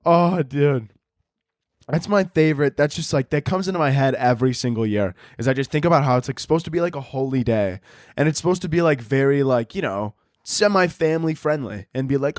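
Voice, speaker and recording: A man's voice: mid-range voice, fairly quick, no room sound, studio quality. A young man hosting a podcast, rambling through a comic monologue, swearing often and laughing at his own jokes. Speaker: podcast host. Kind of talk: casual comedic monologue.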